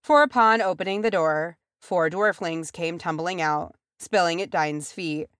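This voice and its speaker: Low-voiced woman narrating a story. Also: a little slow, a bit bright, clean tone, no room sound, studio quality. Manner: voices characters with pitch shifts. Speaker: audiobook reader. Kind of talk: fan fiction audiobook narration.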